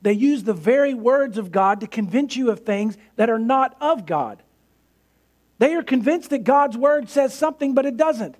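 A man's voice: very high-pitched, expressive, normal speed, darkish tone. A male pastor preaching a sermon in an earnest, emphatic way, building points through repetition.

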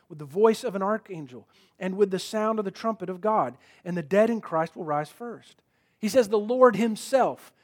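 A man with a high voice delivers a sermon in an earnest, emphatic way. He reads scripture aloud and poses rhetorical questions to his listeners. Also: darkish tone. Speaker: preacher.

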